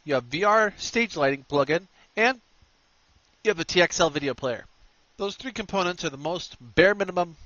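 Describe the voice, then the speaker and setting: A man hosting a screen-recorded software tutorial, walking through steps with energetic, punchy instructions. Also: on the high side, no echo, lo-fi sound. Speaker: tutorial host.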